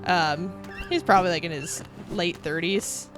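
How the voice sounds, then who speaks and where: A woman's voice: lowish voice, a little slow, over music. A woman in her thirties chatting casually on a live stream, reading out viewer comments, telling stories and laughing often. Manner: chatty and laughing, reads viewer comments aloud and answers them. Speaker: game streamer.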